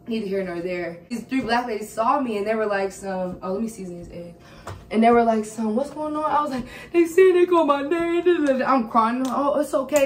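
A woman telling a story in a casual, animated vlog chat at home. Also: on the high side. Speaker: vlogger. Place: home kitchen.

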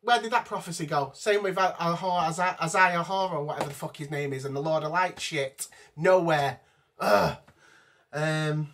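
A man's voice: fairly high pitch, moderate pace, a bit bright. A man giving an exasperated, profane rant reviewing a TV episode from his notes. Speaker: vlogger. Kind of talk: ranting TV review.

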